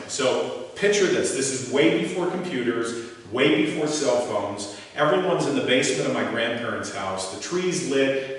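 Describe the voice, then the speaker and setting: A man in his sixties giving a motivational talk to a live audience, telling stories animatedly and quizzing the crowd. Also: mid-range voice. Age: 60s. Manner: animated storyteller, asks audience questions. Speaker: motivational speaker. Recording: echoey hall, voice from far off.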